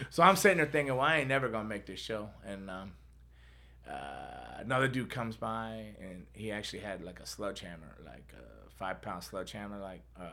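Middle-aged male podcast host, gravelly and bright, casual storyteller who laughs and acts out other voices. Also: lowish voice, very animated, moderate pace.

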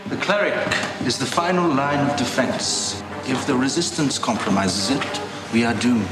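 An actor playing a stern man of authority in film trailer dialogue, with a measured, grave delivery. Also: mid-range voice, lively intonation, over loud music, natural voice. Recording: roomy trailer audio under loud score.

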